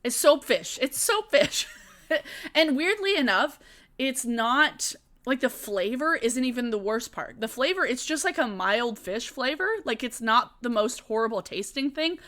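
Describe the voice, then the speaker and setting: A young woman hosts a relaxed live-stream Q&A, reading out chat questions and answering them off the cuff. Her voice is bright and a little high, and she laughs easily and swears without a second thought. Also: moderate pace, few pauses. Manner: chatty, laughs often, swears casually.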